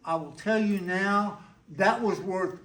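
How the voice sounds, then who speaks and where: A man's voice: sits high, slow, fairly bright tone. An older man with a Texan accent, telling a folksy story to a live audience in a laid-back, whimsical way. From Texas. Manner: laid-back, folksy, acts out quoted dialogue. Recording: roomy hall echo.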